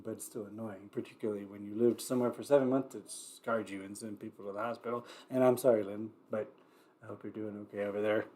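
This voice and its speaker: A man's voice: fairly low pitch, darkish tone. A man hosting a variety show livestream, talking in a loose, rambling way with wry asides and the odd curse. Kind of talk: casual rambling livestream chat.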